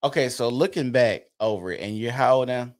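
A man hosting a casual podcast chat, asking probing questions in a low-key manner. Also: normal speed. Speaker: podcast host.

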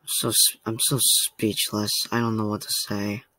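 A man's voice: fairly low pitch, flat delivery, moderate pace, pushed and bright, dry recording. A man hosting a reaction vlog, talking casually to the camera in a rambling, emotional way and laughing at himself often. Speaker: reaction channel host. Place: home room.

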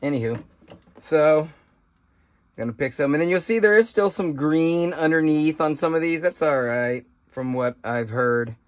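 A man's voice: on the high side, measured pace, dry recording. A man casually showing how he harvests and prepares berries, talking in a folksy, rambling way full of fillers and asides. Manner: rambling, folksy, thinks out loud with many fillers. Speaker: homesteading vlogger. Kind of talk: casual outdoor how-to vlog. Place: outdoors by trees, then a kitchen.

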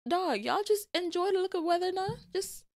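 A young woman co-hosting a casual chat, telling animated stories, laughing often and acting out quotes. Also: very high voice, moderate pace, no room sound, clean studio sound. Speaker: podcast co-host.

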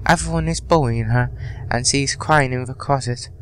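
A man reading aloud as a sad young schoolgirl writing her diary, in a soft, halting voice. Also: medium pitch, slight background noise, close to an everyday voice, low-quality recording. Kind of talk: reading a game note aloud.

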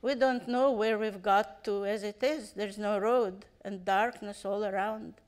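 A woman's voice: mid-range voice, fairly even intonation, unhurried, natural voice. A woman voicing a wary, deferential male coachman while reading a story aloud.

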